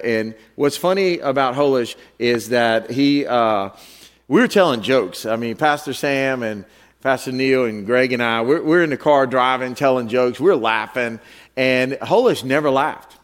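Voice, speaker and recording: In a church, a pastor preaches unhurriedly and conversationally, with filler words and restarts. When he tells a funny story, his pitch leaps high and loud in an animated, joking way.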